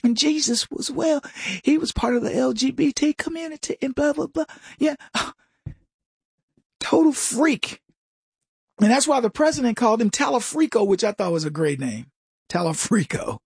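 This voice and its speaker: A man hosting a casual political commentary monologue, mocking and chuckling with lively asides. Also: very high-pitched, a little fast, vocal fry, slightly rough, no room sound, studio quality.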